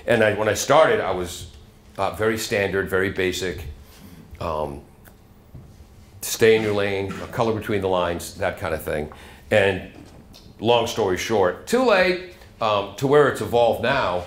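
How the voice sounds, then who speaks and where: A man's voice: lowish voice, lively intonation, a little slow, pauses often. Chatty middle-aged New radio man. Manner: chatty storyteller, slips into character voices. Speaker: radio host guest speaker. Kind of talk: guest lecture to a college class. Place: college classroom.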